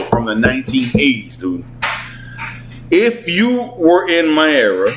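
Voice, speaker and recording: Animated male gaming commentator. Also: mid-range voice, slight background noise, poor audio. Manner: excitable, slangy, swears, acts out character voices. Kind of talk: casual commentary. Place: at home. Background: clothes dryer running.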